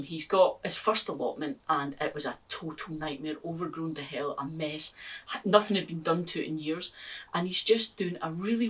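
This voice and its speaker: A woman's voice: deep voice, fairly bright tone, husky, recorded from a distance, rough recording. A Scottish woman hosting a gardening vlog, chatting casually and upbeat with plenty of ums. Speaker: gardening channel host. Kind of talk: casual vlog chat to viewers. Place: outdoor garden. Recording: voice from away from the mic.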